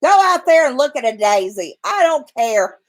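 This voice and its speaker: A woman's voice: high-pitched, very animated, moderate pace, rough recording. A woman ranting bluntly and profanely in a home vlog, from bed right after waking. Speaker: vlogger.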